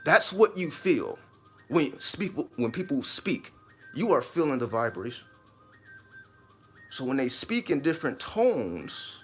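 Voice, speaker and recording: A man's voice: medium pitch, a bit bright. A man talking straight to viewers in a casual, emphatic monologue, repeating his points and swearing now and then. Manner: emphatic, repetitive, with occasional swearing. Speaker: host of own video channel.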